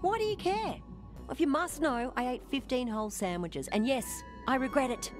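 Craig, queasy nervous alien. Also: female voice, high-pitched, expressive, moderate pace, soft background music. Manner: whiny, nervous, mumbling.

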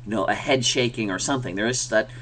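A man's voice: lowish voice, quick pace, a bit bright, a little hiss or hum. A man giving a conversational mini lecture as an ESL teacher, with many fillers, who sounds out example words aloud.

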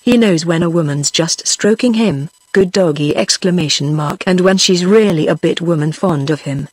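A synthetic woman's voice reading the lines of a bitter, angry middle-aged working man in an audiobook, in a flat machine delivery. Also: fairly low pitch, normal speed, husky, no room sound.

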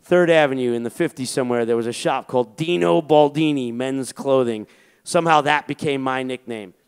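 A man's voice: mid-range voice, fairly quick, smooth. A man, a musician, telling a profanity-laced spoken-word story to an audience with chuckles.

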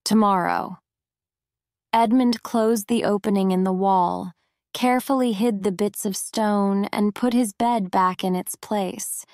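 Slow, deliberate woman storyteller. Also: mid-range voice, steady tone, a little mellow, no echo, studio quality. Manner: clear, deliberate. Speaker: narrator. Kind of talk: slow scripted story narration for English learners.

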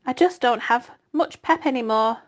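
A woman voicing a wise, weary female spider who speaks in a soft, measured way. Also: a little high, lightly acted. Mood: gentle.

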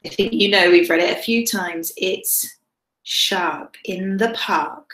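Teacher's lively storybook voice, echoey. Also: female voice, on the low side, slow pace. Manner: animated, whispers and gasps for suspense. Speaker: primary school teacher. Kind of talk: reading a picture book aloud to children. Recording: echoey room.

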